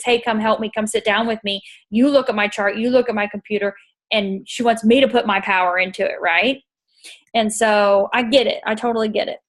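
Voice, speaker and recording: A middle-aged woman giving a casual motivational talk to her network marketing team, animated and cursing freely, often acting out conversations. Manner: animated, swears freely, acts out exchanges in a higher voice.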